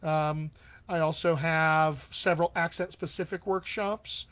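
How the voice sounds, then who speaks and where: A man with a voice pitched a little above the usual answers viewer questions as a dialect coach in a live online Q&A. He sounds upbeat and encouraging and keeps checking in with his listeners as he explains. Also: fairly even intonation, measured pace, fairly bright tone. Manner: upbeat and encouraging, often checks in with "all right?".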